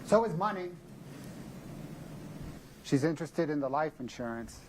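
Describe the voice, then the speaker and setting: A man giving a courtroom closing argument as prosecutor, speaking in a measured, methodical and emphatic way. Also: a little high, animated, noisy background.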